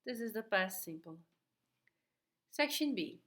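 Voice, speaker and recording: A woman whose first language is Portuguese teaches English grammar at a slow, patient pace. Her bright voice rings in an echoey room. She repeats key words to make them stick. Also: medium pitch, lively intonation. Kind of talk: grammar lesson.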